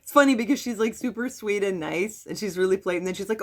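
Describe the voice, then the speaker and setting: A middle-aged woman giving a casual, halting personal update to her webcam, with frequent restarts. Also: mid-range voice, gravelly. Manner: soft, halting, with many restarts and fillers. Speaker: vlogger.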